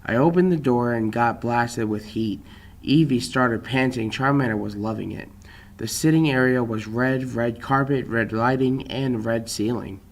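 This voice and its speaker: Young man, mid-pitched voice, plain storytelling, reads with small stumbles. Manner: plain, unhurried reading with small slips. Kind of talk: reading a fan story aloud.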